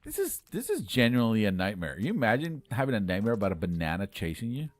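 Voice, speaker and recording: A man hosting a live game stream, chatting playfully with viewers and bursting into loud exclamations. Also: lowish voice, wildly swooping pitch, fast, no room sound. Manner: argues jokingly with chat. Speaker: livestream host playing a game with viewers. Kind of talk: live gaming commentary.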